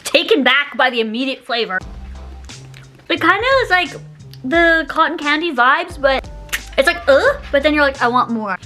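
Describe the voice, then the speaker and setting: A young woman chatting casually as she unboxes and taste-tests snacks, giggling often and gushing with excitement. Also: high-pitched, moderate pace, soft background music. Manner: giggly, gushing, lots of exclamations. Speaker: YouTuber taste-testing snacks.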